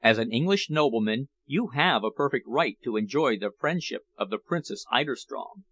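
A man reading the part of a plump, talkative schemer who speaks eagerly and smoothly. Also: medium pitch, animated, moderate pace, fairly bright tone. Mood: calm. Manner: eager, chatty.

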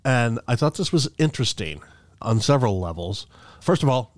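A man's voice: mid-range voice, sing-song, moderate pace, dry recording. Man hosting a metal podcast. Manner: presents news items, joking. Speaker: podcast host. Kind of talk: casual podcast chat. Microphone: studio mic on boom stand.

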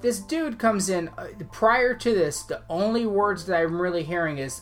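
Animated man ranting about a game. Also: high-pitched, normal speed, hardly any pauses, faint music behind. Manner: animated, heated storytelling. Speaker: podcast co-host. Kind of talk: casual storytelling chat.

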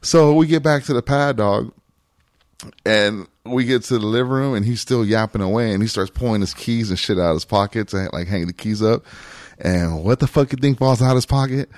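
A man casually telling a rowdy story, animated and slangy, laughing and acting out the other people's lines. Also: fairly low pitch, fairly quick, no room sound. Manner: animated, slangy, laughs often, acts out voices. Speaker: former club DJ.

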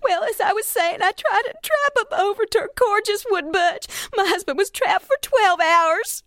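A woman voicing a distressed middle-aged talk-show guest in a cartoon, speaking in a shrill, breathy way. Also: moderate pace, a bit bright, dry recording, clean studio sound. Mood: earnest.

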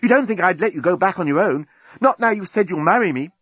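A man voicing an eager journalist who shouts keenly to the others. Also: sits high, expressive, fast talker, husky, no room sound, pitched above the performer's own voice, exaggerated voice.

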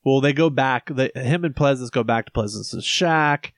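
A man co-hosting a casual film podcast, agreeable and chuckling, with quick interjections. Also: mid-range voice, dry recording, clean studio sound. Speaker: podcast co-host.

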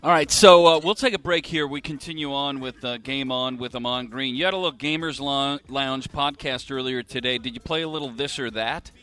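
Radio host guy, relaxed, tossing quick questions to his guests, faint music under him. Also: mid-range voice, clean tone. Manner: easygoing, steers the talk with quick questions. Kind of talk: sports radio talk.

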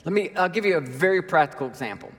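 A man preaching in a conversational, storytelling way, his voice sitting a little high for a man. He keeps checking in with the congregation as he talks. The sound rings with the long reverb of a large church hall. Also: quick pace. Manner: conversational, animated storytelling with frequent "right?". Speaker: pastor. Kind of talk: sermon.

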